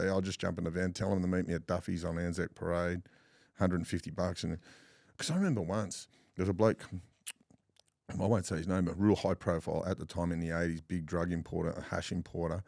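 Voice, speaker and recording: Aussie guest, middle-aged bloke, very low gravelly voice, dry close sound, swears a lot. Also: male voice, no room sound. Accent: Australian. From Australia. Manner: swears often, animated yarn-spinning with laughs. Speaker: podcast guest. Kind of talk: casual storytelling chat.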